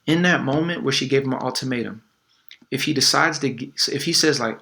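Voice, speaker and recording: A man's voice: mid-range voice, quick pace, creaky, a bit bright. A man coaching on dating in a casual, conversational way, full of fillers and little acted quotes. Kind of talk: casual advice talk.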